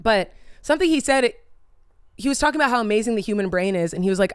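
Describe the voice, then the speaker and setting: Fast and animated, a young woman's clear, resonant mid-range voice carries a casual, rambling chat to camera in a dry, clean studio recording. As a vlogger she chats freely, veers into tangents, loses her train of thought, uses "like" constantly, and swears occasionally.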